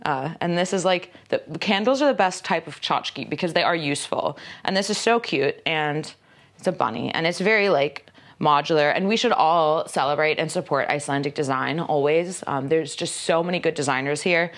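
A woman's voice: low-pitched, normal speed. A woman chatting casually through an unboxing, rambling with lots of filler words and self-mocking jokes. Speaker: magazine staffer presenting an unboxing.

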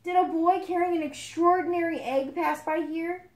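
A small, excitable frog hero with a high, ringing voice, fussy and dramatic, as a woman puts him on. He sounds loud and eager, heard in an echoey room. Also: normal speed. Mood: polite.

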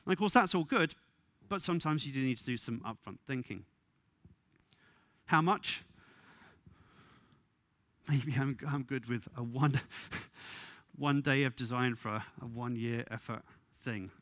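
A man giving a conference talk, wry and exasperated, with quick asides and laughs. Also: medium pitch, a bit bright, dry recording. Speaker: conference speaker. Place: conference venue.

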